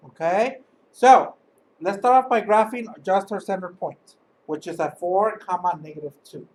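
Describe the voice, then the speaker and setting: A high school math teacher recording a video lesson, walking through each step patiently and often checking in with "okay?". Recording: distant mic with faint background noise.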